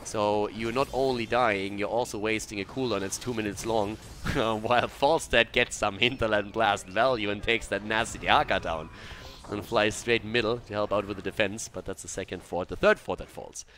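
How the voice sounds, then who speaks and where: A man casting a video game match on his own, mixing brisk play-by-play with coaching tips. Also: fairly low pitch, fairly even intonation, fairly bright tone, a little hiss or hum. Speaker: esports caster. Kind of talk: solo match commentary with analysis.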